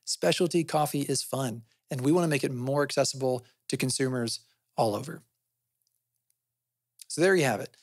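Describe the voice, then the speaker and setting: A man's voice: mid-range voice, normal speed, long pauses, dry recording, clean studio sound. A man hosting a podcast, explaining things in a conversational way and often asking himself questions, then answering them. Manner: often adds "right?" as a tag. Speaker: podcast host.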